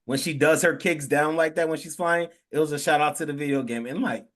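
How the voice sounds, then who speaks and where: A man co-hosting a podcast, reacting to a show in animated casual chat, laughing often and addressing the group. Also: fairly high pitch, a little fast. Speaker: podcast co-host.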